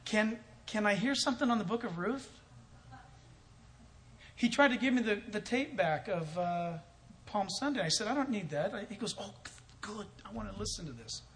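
Man, high voice, pastor, sermon storytelling, animated, acts out dialogue. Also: moderate pace, long pauses, slight background noise.

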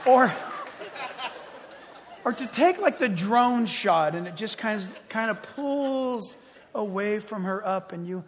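A man preaching a sermon in an animated storytelling manner, often laughing as he talks. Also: sits high, measured pace, pauses often. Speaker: pastor. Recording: long hall reverb.

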